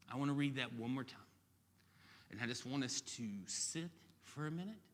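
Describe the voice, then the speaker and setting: Southern campus pastor, lively sermon delivery, talks fast, bright tone with long hall reverb. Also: male voice, mid-range voice. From Alabama. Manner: fast, animated, quick to joke. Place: church hall.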